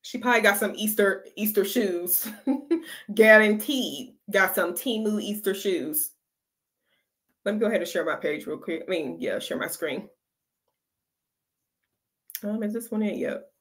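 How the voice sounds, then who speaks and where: A woman's voice: medium pitch, unhurried, long pauses, fairly bright tone. A woman hosting a reaction video, talking casually to her viewers in slangy, chatty speech and laughing often.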